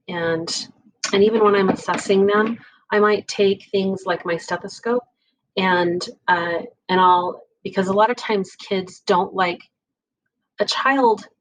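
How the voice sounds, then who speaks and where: A woman's voice: lowish voice, fairly bright tone, low-quality recording. A woman EMS instructor giving a casual, chatty lecture, often checking in with "right?" and "okay?" asides.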